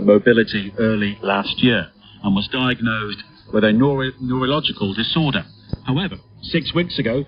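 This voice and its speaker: A man presenting radio news in a measured, formal way. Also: medium pitch, husky. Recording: muffled shortwave radio broadcast.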